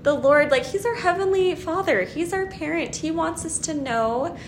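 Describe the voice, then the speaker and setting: A woman's voice: extremely high pitch, expressive, normal speed, slight background noise. A young woman co-hosting a podcast in casual chat, gushing and laughing often as she talks. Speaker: podcast co-host.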